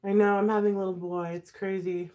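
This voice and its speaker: A woman's voice: medium pitch, flat delivery, fast talker, warm tone. A woman vlogger chatting casually while doing her makeup, talking freely, laughing often and swearing. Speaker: beauty vlogger.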